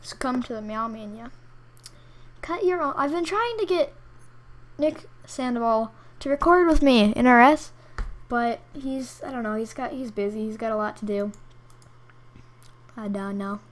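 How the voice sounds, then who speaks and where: A woman's voice: a little high, measured pace, long pauses. A woman giving playful, jokey commentary as a gaming YouTuber, with mumbled asides as she clicks around websites. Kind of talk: casual commentary while browsing.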